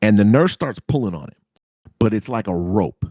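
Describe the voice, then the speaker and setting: A man spins a crude story as a podcast host, his pitch leaping around as he acts out his own reactions. He talks casually and swears freely. The sound is dry and close, with no room in it. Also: moderate pace, husky, dry recording. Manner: animated, profane, jumps into high-pitched reactions.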